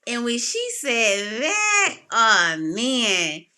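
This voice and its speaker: A woman's voice: a little high, very slow, clean tone. A woman hosting a podcast, telling a personal story in casual chat. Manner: animated, emotional, quotes people in raised voices. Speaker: podcast host.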